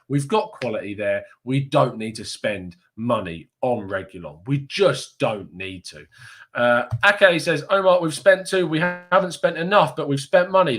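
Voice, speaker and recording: A man's voice: mid-range voice, fairly bright tone. A young man from Kent with a southeast English accent, hosting a casual live stream and reading viewer comments aloud with frequent laughs. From Kent, England. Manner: chatty, laughs often, reads comments aloud. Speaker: fan channel host reading live chat.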